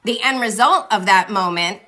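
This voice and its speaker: A woman's voice: medium pitch, moderate pace, pushed and bright. A woman in her forties giving chatty, reassuring tarot readings on a live stream, speaking to viewers by name. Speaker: tarot reader. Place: home, livestream. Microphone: phone.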